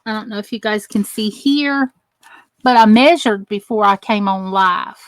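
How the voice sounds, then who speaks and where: At a moderate pace and medium pitch, with no echo, a middle-aged American woman hosts her channel's live crafting tutorial. Chatty throughout, she greets viewers by name while working with her hands.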